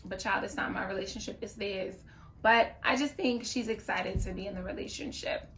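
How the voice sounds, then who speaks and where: A woman's voice: medium pitch, moderate pace, fairly bright tone, slight background noise. A woman talking to camera in a casual reaction vlog, chatty and opinionated, with playful asides. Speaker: YouTuber reviewing a reality show.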